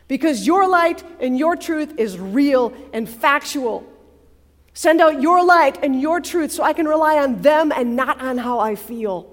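A woman preacher giving a sermon, expressive and prayerful, repeating phrases for emphasis. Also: sits high, unhurried. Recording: long reverb of a large hall.

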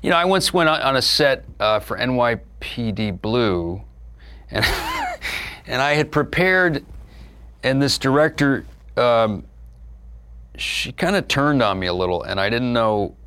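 A middle-aged actor telling stories in an interview, animated and profane, laughing often and sometimes dropping to a soft, low musing tone. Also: male voice. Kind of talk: candid conversational storytelling.

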